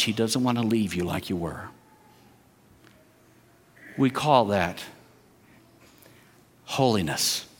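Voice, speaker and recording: A man's voice: mid-range voice, a bit bright, long reverb tail. A man preaching a sermon as a guest preacher, leading the congregation in call-and-response statements.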